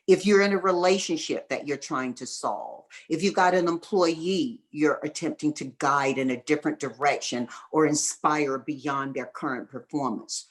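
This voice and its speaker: Low-voiced Southern woman telling stories. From North Carolina, USA. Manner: emphatic, folksy, motivational, repeats key lines slowly. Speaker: guest entrepreneur. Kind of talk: fireside chat storytelling.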